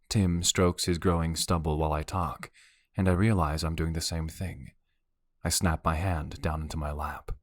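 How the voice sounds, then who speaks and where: A male narrator reads a romance audiobook in the first person, with a wry, brooding delivery. His voice sits very low. The recording is close and dry. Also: steady tone, normal speed, dry recording.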